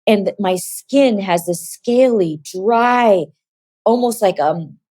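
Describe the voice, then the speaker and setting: A woman's voice: mid-range voice, slow pace, warm tone, dry recording. A woman giving a personal faith testimony, telling her story vividly, acting out the voices she quotes, and at times close to tears.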